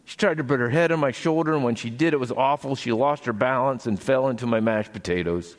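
A man's voice: mid-range voice, a little fast, natural voice. A man voicing a gloomy young boy elephant in a children's story read aloud, in a raised, pleading voice. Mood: glum.

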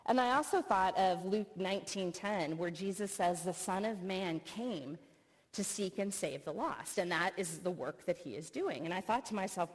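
A middle-aged woman, a professor, giving an earnest sermon full of personal stories and expressive retelling. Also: medium pitch, moderate pace, breathy edge. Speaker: speaker, professor. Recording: long reverb of a hall.

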